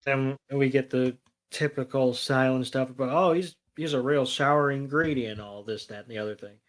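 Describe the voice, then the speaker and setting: A podcast co-host with a medium-pitched voice and moderate pace casually retells a cartoon episode. His relaxed account is full of ums, and he acts out quoted lines along the way.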